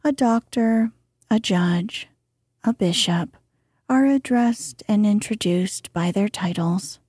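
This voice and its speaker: A woman reading an old etiquette book aloud in a soft, gentle, unhurried bedtime manner. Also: mid-range voice, slightly rough, dry recording, studio quality. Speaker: reader.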